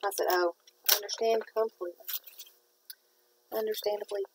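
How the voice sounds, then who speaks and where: A woman's voice: medium pitch, fairly even intonation, moderate pace, noisy background. A woman, chatting casually and rambling in a folksy way while she works on a craft project. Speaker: craft vlogger.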